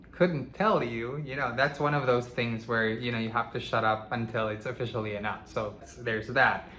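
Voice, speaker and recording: Chatty and relaxed, a man hosting a toy review channel wanders through his review with plenty of "you know" asides. His medium-pitched voice comes across bright and forward, bouncing around an echoey space.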